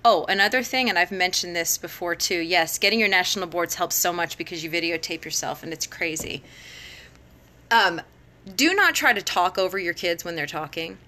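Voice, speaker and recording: This middle-aged woman's voice is on the low side and sharp in tone, at a moderate pace. A teacher and education blogger, she chats through teaching advice on a live phone stream from home, with lots of laughter and filler words.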